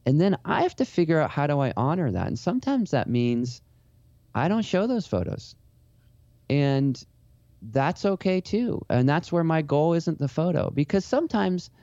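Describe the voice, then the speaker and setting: A man answers interview questions in a reflective, rambling way, often restarting his sentences. His voice is dark and mellow. The recording is dry and a little dull. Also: mid-range voice, no echo. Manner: rambling, earnest, many restarts. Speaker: portrait photographer and author.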